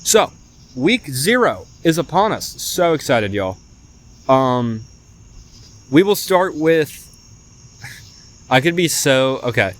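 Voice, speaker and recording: A young man, hosting a casual sports podcast, chatty and animated, often saying "y'all". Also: mid-range voice, slow pace, pauses often. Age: young adult. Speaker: podcast host.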